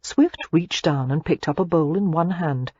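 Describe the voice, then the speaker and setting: A woman narrating a romance audiobook in an expressive, scripted reading. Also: low-pitched, moderate pace, slightly rough, dry recording, dull audio.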